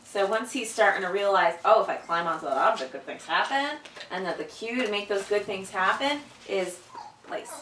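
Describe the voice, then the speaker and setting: A woman's voice: moderate pace, recorded from a distance, a little hiss or hum. A woman dog trainer explaining a training exercise between upbeat commands and praise to her dog. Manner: explains calmly, then gives sharp upbeat commands and high praise to the dog. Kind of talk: hands-on training demonstration. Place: indoor room with a dog. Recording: echoey room, voice from off-mic.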